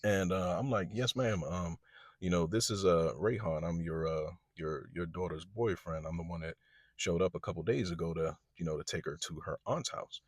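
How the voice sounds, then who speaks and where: A man's voice: deep voice, normal speed, no room sound, studio quality. A man telling a personal story in a casual vlog, acting out what other people said. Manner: animated storyteller, quotes others in lively voices.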